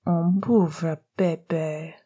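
A woman's voice: low voice, steady tone, very slow, dark tone, slightly rough, full character voice. A woman voicing a playful young man who coos at a baby in a storybook reading. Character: doting, playful young godfather.

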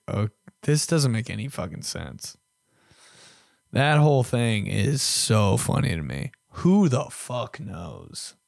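Gravelly and mid-range, the voice belongs to a young podcast host on a casual, profane rant, animated and packed with mock voices. It is studio quality, with no echo.

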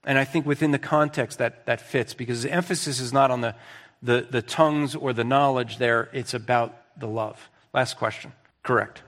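A man's voice: mid-range voice, long reverb tail. A man teaching from the pulpit, answering questions in an earnest, emphatic way with rhetorical questions. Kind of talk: sermon Q&A teaching.

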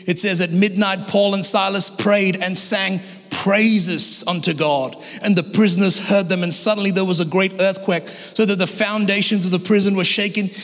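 An Australian man preaching a lively sermon as guest pastor, humorous and energetic, shouting at the peaks. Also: sits high. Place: church hall. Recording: long church hall reverb.

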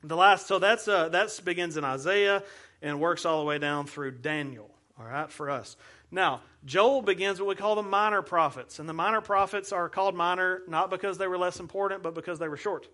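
Playful pastor teaching. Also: male voice, high-pitched, moderate pace, bright, forceful tone. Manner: playful, explains with hand gestures and repeated cues. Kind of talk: teaching sermon.

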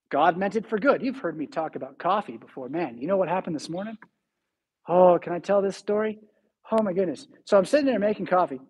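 A middle-aged male pastor delivers a sermon in a church with a slightly husky, breathy voice. He tells animated stories with sudden swings between loud and soft. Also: sits high. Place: church sanctuary.

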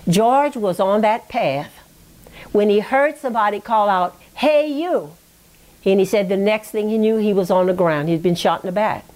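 A woman's voice: medium pitch, moderate pace, a little mellow. A woman tells a long family story in an oral history interview. She talks in a reflective, meandering way, circling back to details and checking that her listener follows along. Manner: reflective, digressive, with frequent "you know" and "okay?".

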